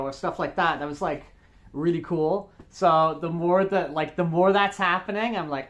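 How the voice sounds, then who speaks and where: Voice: mid-range voice, a little fast, lo-fi sound. A furry vlogger chatting casually to camera, rambling with lots of fillers and restarts, upbeat and enthusiastic as they address viewers directly.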